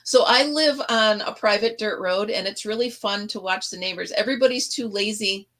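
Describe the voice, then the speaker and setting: A woman's voice: medium pitch, moderate pace, a bit bright. A middle-aged woman hosting a casual chat, laughing often and acting out little stories with quoted voices. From upstate New York. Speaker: host.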